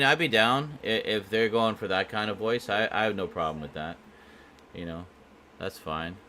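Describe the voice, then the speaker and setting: A man's voice: low-pitched, sharp tone, slight background noise. A man hosting a casual live stream, chatting with viewers in a rambling way full of fillers and restarts.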